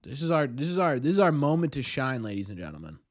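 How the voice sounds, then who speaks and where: Young male streamer host, excitable and self-deprecating, lively pitch swings. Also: fast. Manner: excitable, self-mocking banter with chat. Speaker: livestream host. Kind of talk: casual live watch-party chat.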